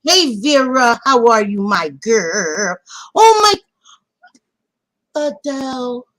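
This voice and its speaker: Animated woman hosting a casual livestream. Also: a little high, takes it slowly. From Latina. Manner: animated, swearing, affectionate nicknames. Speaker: livestream host. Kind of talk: casual livestream chat greeting viewers.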